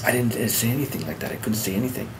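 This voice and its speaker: A middle-aged man speaks in a mid-range voice, sharing his own story as personal testimony. He talks in a halting, earnest way, stumbling over words and starting sentences again. A faint hiss sits under the voice. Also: medium pitch. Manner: halting, repeats words and restarts.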